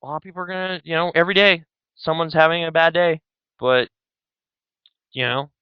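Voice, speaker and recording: A man co-hosts a podcast in loose casual chat, rambling and grumbling with a mock-grouchy edge. His voice is smooth and clear. The sound is dry and slightly dull. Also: on the high side, brisk, dry recording. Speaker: podcast co-host.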